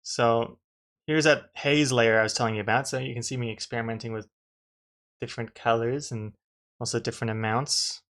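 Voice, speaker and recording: Streaming himself drawing comics, this man chats loosely with his audience, often starting sentences over and tossing dry jokes at the chat. He talks fairly fast at a medium pitch, with a steady, slightly bright tone.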